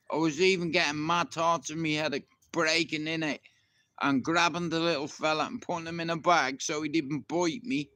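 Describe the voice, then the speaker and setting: A man's voice: fairly high pitch, bright, forceful tone, dry recording. A middle-aged man with a Dublin Irish accent, telling rambling stories and swearing freely on a live stream from his garden. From Ireland. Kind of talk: casual live-stream storytelling. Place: outdoors in a garden.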